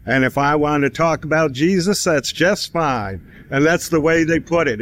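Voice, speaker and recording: A man's voice: a little high, moderate pace, hardly any pauses, slight background noise. A man in his fifties telling a personal story in a casual, chatty way, full of fillers. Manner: chatty, many "you know" fillers, laughs between phrases. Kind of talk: casual spoken testimony.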